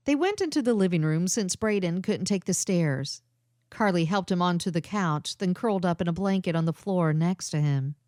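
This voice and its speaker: An animated woman reading an audiobook aloud, her pitch rising and falling freely. The sound is dry and close, with no room around it. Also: moderate pace, dry recording. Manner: expressive, animated storytelling. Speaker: audiobook narrator. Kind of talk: scripted narration.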